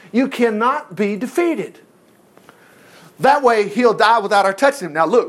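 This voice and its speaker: A man preaching in a high, very lively voice that swoops up and down. He retells the story in a folksy way, breaking off for joking asides to his listeners. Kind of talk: sermon retelling a Bible story.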